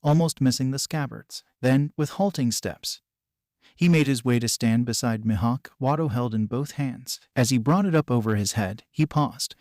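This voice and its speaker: A man narrating a story at a steady, even reading pace. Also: mid-range voice, moderate pace, no room sound, clean studio sound. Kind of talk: scripted narration.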